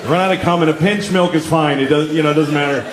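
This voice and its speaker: A man doing stand-up, telling a rambling story in halting, restarting phrases. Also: on the high side, steady tone, crowd noise. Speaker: stand-up comedian. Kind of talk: stand-up comedy set. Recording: echoey room with clear hiss.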